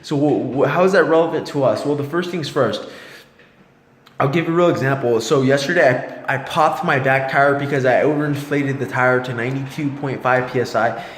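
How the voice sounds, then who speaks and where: A man's voice: mid-range voice, moderate pace. A man vlogging about a book he read, thinking aloud in a rambling, loosely structured way. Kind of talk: casual book talk to camera. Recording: echoey room with long reverb.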